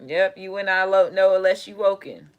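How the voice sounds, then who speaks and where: A woman doing a casual tarot reading, talking in an animated, profane way. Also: mid-range voice, moderate pace, clear, resonant tone, dull audio. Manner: animated, profane, laughing asides. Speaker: tarot reader.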